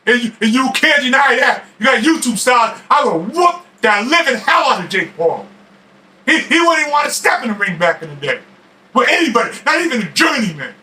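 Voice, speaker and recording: A middle-aged boxing expert talks straight to the camera in a fierce, shouting rant. His voice sits very high and cuts with a sharp, tense edge. He stammers over his own restarts and throws in streetwise slang. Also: big pitch swings, brisk, poor audio. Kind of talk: ranting boxing talk to camera.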